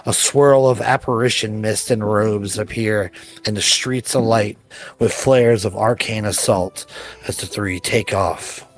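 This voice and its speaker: A man's voice: fairly low pitch, fairly even intonation, unhurried. A man narrating a tabletop game as game master, telling the scene with vivid description. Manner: descriptive storytelling, laughs between scenes.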